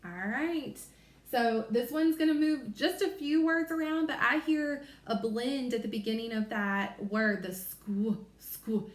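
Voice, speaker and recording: A woman teacher giving a recorded phonics lesson to young children, sounding out letters and word parts slowly and clearly. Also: high-pitched, reverberant.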